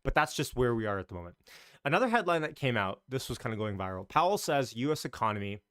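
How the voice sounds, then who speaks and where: A man's voice: mid-range voice, sing-song, fast, a bit bright, smooth, no echo, clean studio sound. A man hosting a casual live stream about the market, chatty and loose, greeting viewers as he talks. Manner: talks in loose, restarting sentences.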